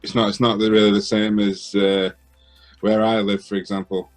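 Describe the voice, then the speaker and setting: A man co-hosting a podcast, talking in a halting, hesitant way with many pauses. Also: on the low side, little pitch movement, soft background music. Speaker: podcast co-host. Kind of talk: casual podcast chat.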